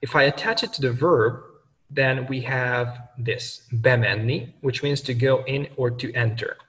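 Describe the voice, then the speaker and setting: A man's voice: mid-range voice, a little slow, fairly bright tone. A male language teacher in a video lesson who talks through grammar methodically and backs every point with examples. His voice sits in a middle register and comes from some distance away in a room with a long, ringing reverb. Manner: methodical, explains with worked examples.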